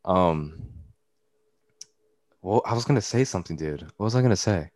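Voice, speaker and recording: A man's voice: low-pitched, expressive, normal speed, a little mellow, dry recording. A young man hosting a podcast, talking loosely with lots of slang and swearing. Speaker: podcast host. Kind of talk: casual chat. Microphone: computer mic.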